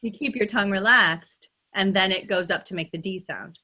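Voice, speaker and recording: A woman with a Californian accent, teaching as a dialect coach and demonstrating sounds in a lively way, often checking in with "right?". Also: medium pitch, normal speed. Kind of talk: teaching pronunciation in a workshop.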